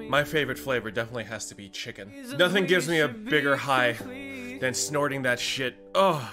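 A young man livestreaming, chatting casually with his viewers in a crude, joking way. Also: mid-range voice. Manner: joking, crude, addressing chat. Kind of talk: casual stream chat.

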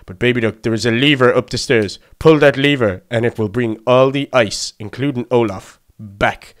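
A man voicing a male pirate captain who speaks low, hushed and urgent, as if being watched. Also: moderate pace, natural voice.

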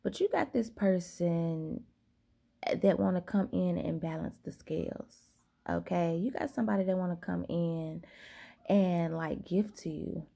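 A woman's voice: on the low side, measured pace, vocal fry, dark tone. A woman giving a casual tarot reading late at night, sleepy and yawning, drawling and peppering her talk with "okay?" and "y'all". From Southern United States. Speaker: tarot reader.

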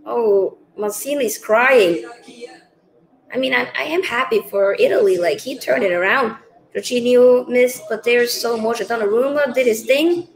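Woman, watch-along host, high register, emotional off-the-cuff talk, roomy echoey recording. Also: a little slow. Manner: emotional, thinks aloud, talks straight to viewers. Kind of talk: live match watch-along reaction.

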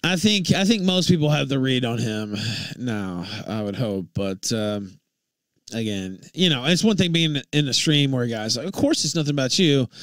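A man's voice: mid-range voice, normal speed, a bit bright, no room sound. Dry-voiced sarcastic man on a stream. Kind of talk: casual stream commentary.

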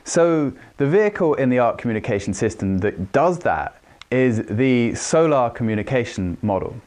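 A man explaining communication skills in a lesson, calm and measured, sometimes showing off changes in pitch and speed. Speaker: communication trainer. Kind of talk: instructional talk.

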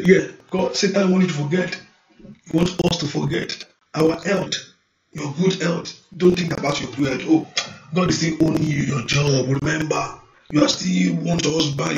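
A middle-aged man preaches a fervent sermon, his voice sitting a bit high with a gravelly rasp. He stretches out prayer and praise lines and breaks into speaking in tongues. The sound carries the echo of a roomy church with a faint noise underneath. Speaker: pastor. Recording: echoey room, faint noise.

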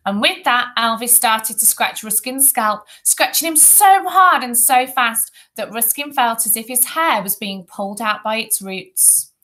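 A woman primary school teacher reading a children's book aloud to her class with slow, clear expression. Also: mid-range voice, pushed and bright.

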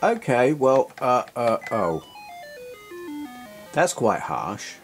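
Slow, chatty man gaming. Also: mid-range voice, very animated, faint music behind. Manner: self-deprecating, rambling, jokey. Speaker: retro gaming YouTuber. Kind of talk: casual gameplay commentary.

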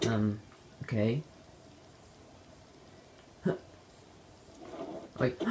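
A young woman giving playful let's play commentary on a game, shouting in bursts and slipping into silly voices. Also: a bass voice, lively intonation, slow, long pauses, a little hiss or hum. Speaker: gamer playing a horror game.

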